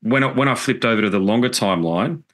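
A man's voice: mid-range voice, lively intonation, fast talker, a bit bright. A middle-aged man, a podcast guest telling a personal story in an earnest, reflective way with casual swearing. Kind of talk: casual interview chat.

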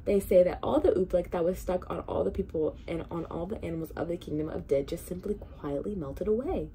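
Woman reading a kids book out loud, lowish mellow voice, lively storytelling. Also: fairly quick. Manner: expressive, animated read-aloud. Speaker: children's hospital volunteer reader. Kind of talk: storybook read-aloud.

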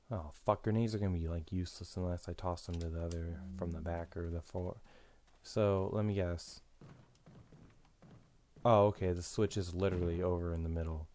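A man giving gameplay commentary, frustrated and swearing, often yelling strings of repeated no's. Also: deep voice, steady tone, moderate pace. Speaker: gaming YouTuber. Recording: noisy home recording.

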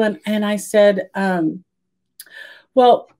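Older woman telling a lively story. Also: mid-range voice, slow pace. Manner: animated, acts out her own past words. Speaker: podcast guest. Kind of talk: casual storytelling in an interview.

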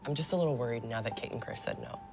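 A man's voice: mid-range voice, very fast, creaky, natural voice. A young actor playing an anxious, hesitant male dancer in a TV drama clip. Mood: worried. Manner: hesitant, worried. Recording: TV clip with music behind.

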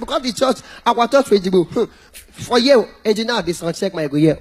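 Man, Nigerian accent, stand-up comic, high pitch, animated, sings and shouts. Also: fast, breathy edge. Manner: animated, bursts into singing and mock shouting. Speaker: stand-up comedian. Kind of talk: stand-up comedy in Nigerian Pidgin.

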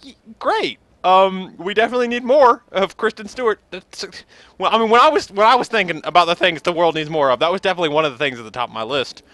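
A man's voice: sits high, bright, forceful tone, no echo. A man rambling sarcastically and joking while commenting on his gameplay. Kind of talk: let's play commentary.

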